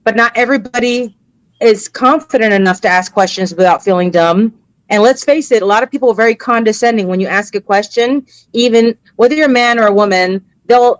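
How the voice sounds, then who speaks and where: A woman's voice: fairly high pitch, fairly quick, dry recording, rough recording. A middle-aged American woman, an interview guest, telling stories in an earnest, emotional way and acting out the voices she quotes. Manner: animated, acts out quoted voices. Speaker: interview guest, cigar educator. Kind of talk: casual conversational storytelling.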